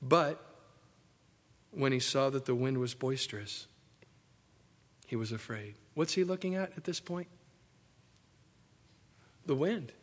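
A man preaching a sermon emphatically, swinging between loud, excited passages and hushed, soft ones. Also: medium pitch, slow, pauses often. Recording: echoey hall.

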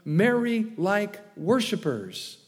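A pastor preaches in an easy, conversational way, slipping in wry asides and playful acted quotes. His voice sits a little high for a man. The sound carries the long ring of a church hall. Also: big pitch swings, slow, darkish tone, slightly rough, faint music behind. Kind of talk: sermon.

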